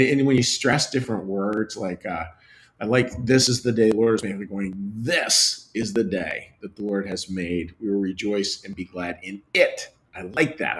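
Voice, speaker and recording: Gentle low-voiced man leading prayer. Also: low-quality recording. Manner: gentle, unhurried, reads viewer messages aloud. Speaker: pastor. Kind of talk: livestream prayer and greetings.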